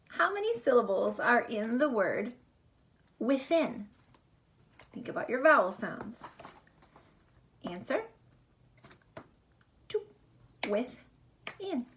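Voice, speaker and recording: A teacher whose voice is a little high records a remote lesson for young kids, keeping a deliberate, encouraging tone and teasing them gently.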